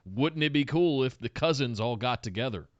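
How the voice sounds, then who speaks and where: A man's voice: medium pitch, lively intonation, moderate pace, dry recording, dull audio. A man co-hosting a wrestling podcast, chiming in casually with agreeing asides and his own thoughts. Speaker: podcast co-host. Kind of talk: casual recap commentary.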